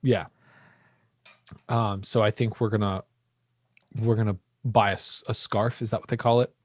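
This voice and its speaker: A man's voice: lowish voice, flat delivery, normal speed, no echo. An American man co-hosting a podcast in a rambling, playful, teasing casual chat. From United States. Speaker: podcast co-host.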